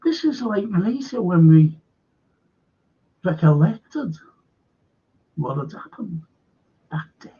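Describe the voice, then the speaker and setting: Slow, gravelly man telling stories. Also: high voice, big pitch swings, lo-fi sound. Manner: halting, meandering, repeats words for emphasis. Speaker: host of a live-streamed current affairs show. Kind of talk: casual rambling storytelling to viewers.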